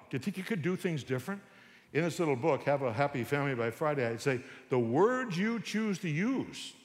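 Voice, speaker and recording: A man giving a humorous talk on Christian parenting to a church audience, an animated storyteller who acts out parents and kids. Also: mid-range voice, long reverb tail.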